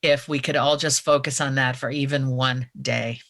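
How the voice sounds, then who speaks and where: A woman's voice: a bass voice, steady tone, moderate pace, fairly bright tone. A woman author, a guest on a podcast, speaking in an earnest, frank and reflective way. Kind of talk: casual interview chat.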